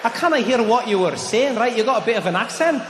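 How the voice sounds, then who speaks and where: Comedian playing a formal Scottish waiter, high voice, roomy hall sound. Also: male voice, animated, quick pace, a crowd in the background, background noise. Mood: polite. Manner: polite, formal. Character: polite Indian waiter, Scottish-accented man. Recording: echoey hall, loud ambience.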